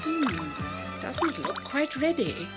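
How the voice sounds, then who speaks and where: A woman voicing a kindly middle-aged cook in an animated dub, gentle and patient. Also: sits high, extremely slow, over loud music, exaggerated voice. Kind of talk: animated series dub acting.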